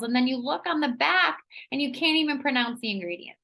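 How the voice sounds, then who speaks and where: A woman presenting a live online wellness workshop on a video call, talking in an energetic, chatty way with frequent "um"s. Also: sits high, a little fast, creaky, rough recording.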